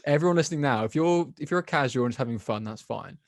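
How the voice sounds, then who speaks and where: A man's voice: medium pitch, animated, fast talker, dry recording, studio quality. A man hosting a podcast as an MMA fighter, talking bluntly and swearing freely. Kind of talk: casual podcast chat.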